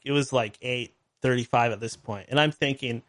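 A man's voice: medium pitch, fairly even intonation, moderate pace, few pauses, a bit bright. A man hosting a talk show, telling a story in a casual, exasperated way with frequent restarts and wry laughs. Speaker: podcast host.

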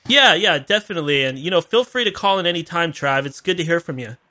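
A man's voice: a little high, animated, fast talker, sharp tone. A man hosting a call-in talk radio show, rambling and chatty with laughing asides.

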